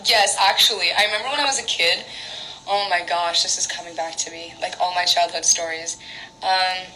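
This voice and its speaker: A woman's voice: fairly low pitch, steady tone, moderate pace, bright, forceful tone, a little hiss or hum, rough recording. A young woman from Canada chatting casually on a phone livestream at home, rambling through childhood stories with lots of giggles and fillers. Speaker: singer on an Instagram live.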